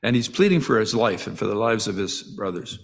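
A man's voice: on the low side, lively intonation, a little fast, vocal fry. A man preaching a sermon in a conversational way, often restarting his sentences and adding asides. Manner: acts out the brothers' quoted lines with rising emotion.

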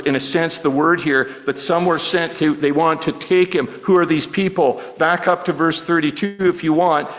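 Middle-aged man, pastor; casual sermon delivery with stumbling repeats, voice a touch high. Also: fairly bright tone, low-quality recording. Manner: conversational, stammering restarts.

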